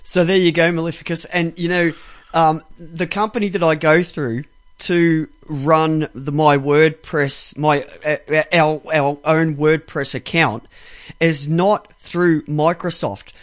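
Brief: male host, high pitch for a man, angry profane rant, stumbles over words, close dry sound. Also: fairly even intonation, slow pace, no echo. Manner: heavily profane, exasperated; restarts and stumbles when worked up. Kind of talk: angry ranting monologue.

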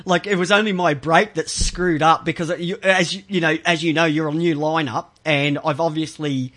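A man's voice: on the high side, fairly even intonation, moderate pace, a bit bright. A man hosting a casual talk show, cursing often and rambling with frequent restarts. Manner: profane, rambling, with many restarts. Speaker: show host.

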